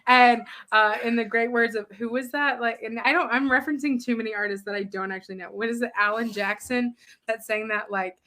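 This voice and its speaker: A woman player describing her character's turn at a tabletop game, her voice bright and a touch high. She takes her time, drifting through filler words and breaking into giggles as she goes. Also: steady tone, a little fast. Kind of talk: casual tabletop game play.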